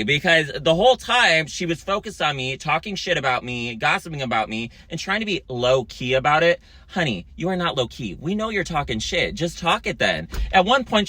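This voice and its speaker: A man's voice: fairly high pitch, pushed and bright, no room sound. A man telling a storytime monologue to camera in a sassy, profane, dramatic way.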